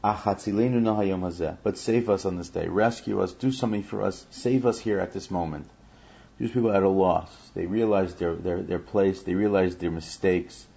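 Male Bible teacher with a low, mellow voice; reads each verse aloud, then explains it. Dull lo-fi recording. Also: steady tone, moderate pace, gravelly. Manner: chants Hebrew verses then explains them in English.

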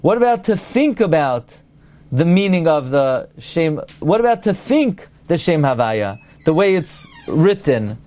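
A man's voice: fairly high pitch, very animated, a little slow, dark tone. A man, a rabbi, giving an explanatory Torah study lecture, reading Hebrew passages aloud and translating them. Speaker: rabbi teaching a class.

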